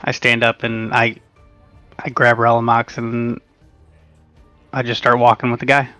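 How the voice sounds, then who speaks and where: Brief: male player, deadpan in-character talk, dry close sound. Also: medium pitch, a little slow, dry recording, soft background music. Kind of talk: in-character tabletop play.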